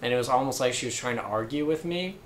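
A young man, a podcast guest, telling a story in a loose, relaxed way with lots of fillers. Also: medium pitch, fast, slight background noise. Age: young adult. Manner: laid-back storytelling, filler-heavy. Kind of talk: casual chat.

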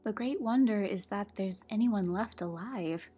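A woman's voice: medium pitch, unhurried, warm tone, husky, voice pushed up. A woman voicing a polite, curious young girl who speaks timidly in a storybook reading. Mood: complaining. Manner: timid and polite, rising to eager.

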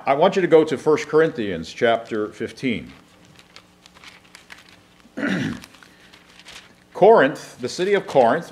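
Man teaching a Bible class. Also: mid-range voice. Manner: explanatory, reads scripture aloud then comments, frequent restarts.

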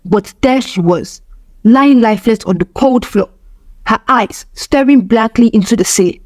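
A woman telling a dark folk tale in steady, dramatic scripted narration. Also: a little high, normal speed, no room sound. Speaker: storyteller.

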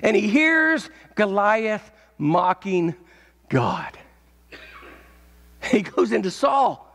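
A male pastor preaching a sermon, telling a story and swelling into shouts at its peaks. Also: high-pitched, sing-song, drawn-out words, vocal fry. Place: church. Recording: echoey church hall.

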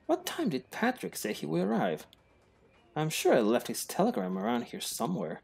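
A man's voice: a little high, huge pitch swings, normal speed, vocal fry, a little mellow, husky, voice pushed up, full character voice. A man voicing an anxious, lovestruck young man in a 1920s hotel, in a posh, nervous voice. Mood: dreamy. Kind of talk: posh put-on voice.

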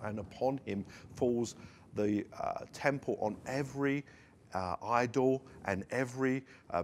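A man's voice: fairly low pitch, a little hiss or hum. A man preaching a sermon at a church service, earnest, with rising emphasis on key lines. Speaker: pastor. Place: church service streamed online.

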